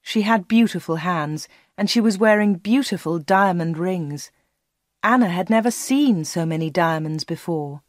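Clear woman reading a storybook. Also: fairly low pitch, a little slow, no room sound, clean studio sound. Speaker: audiobook reader. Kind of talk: scripted storybook narration.

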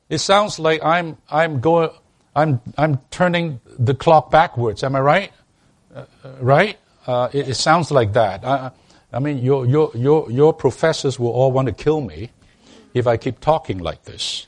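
A man's voice: mid-range voice, unhurried. Stammering, emphatic male preacher. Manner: addresses the congregation directly with rhetorical questions. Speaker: pastor. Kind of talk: sermon.

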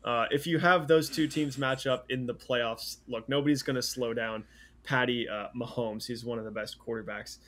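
A man's voice: medium pitch, fairly even intonation, normal speed, fairly bright tone. Rambling man chatting about football. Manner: rambling, many fillers and restarts. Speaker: podcast co-host. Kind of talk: casual sports podcast chat.

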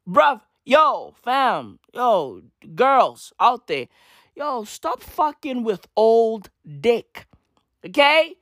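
A woman's voice: fairly high pitch, big pitch swings, extremely slow, no echo, clean studio sound. A woman ranting in casual commentary, swearing freely and leaning on slang fillers. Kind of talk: profane slangy commentary rant.

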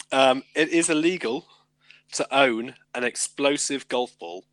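A man's voice: mid-range voice, takes it slowly, fairly bright tone, no room sound, poor audio. Teasing man on a dry, close mic. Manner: teasing, explains with dry certainty. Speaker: podcast co-host, researcher of the law. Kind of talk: casual banter.

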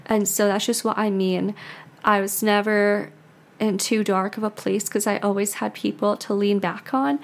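A woman's voice: mid-range voice, fairly even intonation, moderate pace. An American woman in her twenties, a podcast host, talking in a rambling, confessional way with many "like"s and restarts. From United States. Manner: chatty, rambling, heavy use of "like", frequent restarts. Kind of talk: casual confessional monologue.

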